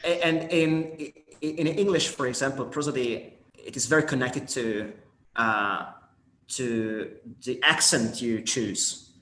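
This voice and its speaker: A man's voice: medium pitch, slow, sharp tone. Male co-instructor, conversational explainer; roomy echo. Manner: conversational, explanatory, frequent fillers. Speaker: workshop instructor. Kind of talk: online workshop teaching. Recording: echoey room.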